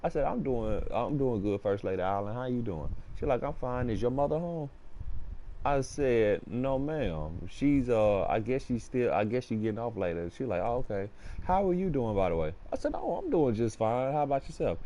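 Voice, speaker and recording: A young man casually tells a personal story, animatedly acting out the voices of the people in it. He has a mid-range voice and keeps a moderate pace.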